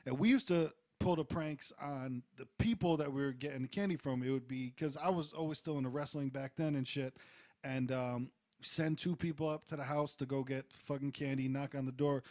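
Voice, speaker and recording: A man co-hosting a podcast, chatting in a laid-back way with quick short replies. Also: mid-range voice, steady tone, a little mellow. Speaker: podcast co-host. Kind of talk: casual chat.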